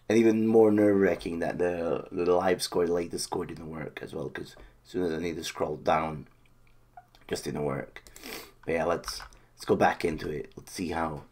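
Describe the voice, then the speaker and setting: Deep gravelly man commentating a game. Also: darkish tone. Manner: nervous, swings from muttering to cheering. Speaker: gaming YouTuber.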